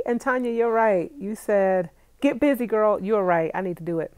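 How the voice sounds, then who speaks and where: A young woman vlogger talks casually to her viewers, reading out live comments and laughing easily along the way. Her voice sits in a middle pitch range, and the sound is dry and close, with no room echo. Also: moderate pace, a little mellow, smooth. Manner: chatty, laughs often, talks straight to viewers. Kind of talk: casual live-stream chat.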